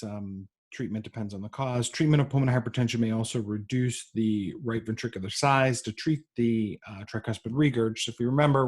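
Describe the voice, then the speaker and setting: A man giving a recorded medical lecture, pausing often with ums and uhs. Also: medium pitch. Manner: halting, frequent ums and uhs.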